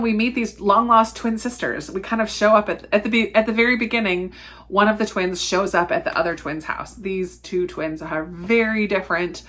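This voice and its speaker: A woman's voice: mid-range voice, fairly bright tone. Chatty woman reviewing books. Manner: chatty and candid, laughs often, trails off and restarts. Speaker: book reviewer. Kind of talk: casual book review vlog.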